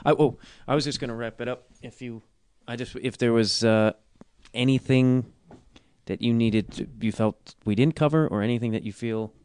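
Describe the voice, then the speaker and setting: A man hosting a podcast in casual conversation, animated and swearing freely. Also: medium pitch, moderate pace, clear, resonant tone, no room sound. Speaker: podcast host, comedian.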